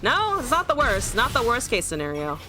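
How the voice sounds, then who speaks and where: A woman's voice: on the high side, wildly swooping pitch, normal speed, music in the background. A young woman streaming a card game, chatting casually, talking to her opponent, laughing and swearing often. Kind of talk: live gameplay commentary.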